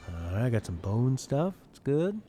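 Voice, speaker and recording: A man's voice: medium pitch, very animated, moderate pace, mellow, soft background music. A man casually commenting while playing a game, joking and sarcastic, swearing freely. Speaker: let's play gamer.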